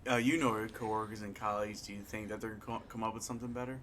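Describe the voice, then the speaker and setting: A man's voice: lowish voice, level tone, rapid-fire, a bit bright, slight background noise. A man co-hosting a casual podcast, answering in a laid-back, jokey way. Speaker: podcast co-host. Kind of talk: casual chat.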